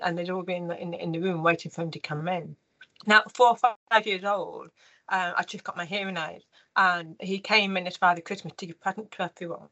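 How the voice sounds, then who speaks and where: A woman in her fifties, an interview guest telling her personal story in an earnest, emotional way with halting restarts. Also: medium pitch, pushed and bright, low-quality recording.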